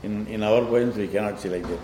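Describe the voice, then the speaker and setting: A man's voice: fairly low pitch, warm tone, slight background noise. Man explaining poetry, echoey room. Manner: patient, explanatory, recites verse quickly in sing-song. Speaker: teacher of classical poetry. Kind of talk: explaining a poem line by line.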